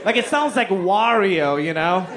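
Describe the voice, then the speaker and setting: A man telling a stand-up comedy story, animated and profane, acting out the people in it with silly voices. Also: sits high, a little slow, background noise. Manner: animated, acts out quotes in silly voices, swears freely.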